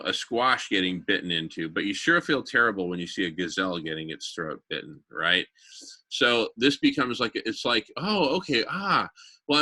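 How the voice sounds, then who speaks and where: Low-voiced man brainstorming enthusiastically. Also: pushed and bright. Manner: rambling, enthusiastic, many fillers. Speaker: community meeting participant. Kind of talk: brainstorming in a group meeting.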